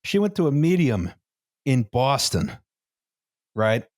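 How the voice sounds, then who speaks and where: A man co-hosting a podcast, telling a history story in casual chat, often laughing and pausing on fillers. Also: medium pitch, very animated, darkish tone, no echo, studio quality. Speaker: podcast co-host.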